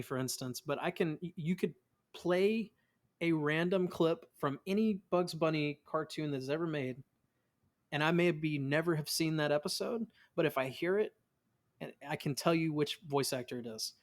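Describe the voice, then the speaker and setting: Man, voice actor guest, fairly high voice, chatty interview, stumbles and restarts. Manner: animated storyteller, acts out quotes of family; many restarts and repeated words. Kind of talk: casual interview chat.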